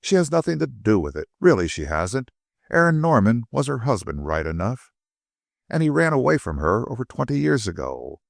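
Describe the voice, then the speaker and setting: A man's voice: medium pitch, big pitch swings, normal speed, vocal fry, no echo, clean studio sound. A man narrating an audiobook, voicing a nervous young swindler who pleads and denies everything. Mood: confessing. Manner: pleading, stammering denials.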